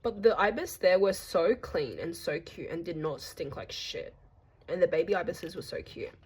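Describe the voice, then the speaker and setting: A woman's voice: lowish voice, expressive, normal speed, a little mellow, husky. A young Australian woman narrating a casual travel vlog in a chatty, gossipy way with playful slang. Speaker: vlogger.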